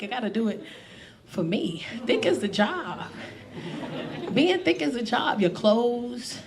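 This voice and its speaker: Brash high-voiced woman doing stand-up. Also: very animated, slow pace, long pauses. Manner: brash, profane, conversational. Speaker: stand-up comedian. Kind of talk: stand-up comedy set. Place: comedy club stage. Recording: live club crowd laughing.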